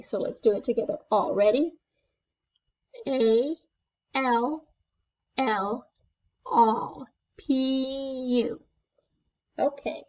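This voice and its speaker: A woman teaching a first grade class remotely, speaking in slow, clear, encouraging steps. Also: fairly high pitch, highs cut off.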